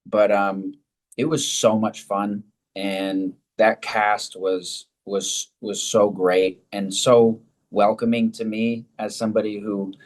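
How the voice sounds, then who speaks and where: Easygoing male actor guest, lowish voice, rambles and restarts. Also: little pitch movement, slow pace. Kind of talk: casual interview answers.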